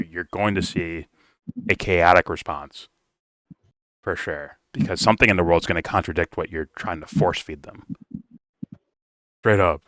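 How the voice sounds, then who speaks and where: A man's voice: sits low, bright, forceful tone, no room sound. A man giving a casual review, talking bluntly and swearing freely. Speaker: film reviewer. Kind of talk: casual commentary rant.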